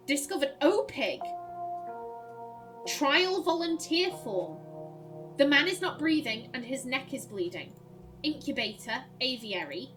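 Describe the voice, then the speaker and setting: A high-pitched woman commenting on a puzzle game, reading clues aloud and thinking things through as she goes. She laughs easily between her musings. Faint game music runs quietly underneath. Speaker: let's play host.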